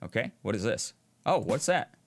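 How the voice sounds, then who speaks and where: A young man hosting a gameplay video, thinking aloud in an animated and reflective way as he plays. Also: mid-range voice, normal speed, creaky, a little hiss or hum. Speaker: gaming video host. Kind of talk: let's play commentary.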